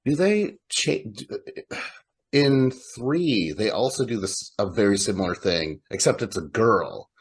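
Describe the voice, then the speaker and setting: Male podcast co-host, slightly low and husky, loose rambling delivery. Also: animated, unhurried. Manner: rambling, with fillers and laughs. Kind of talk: casual movie chat.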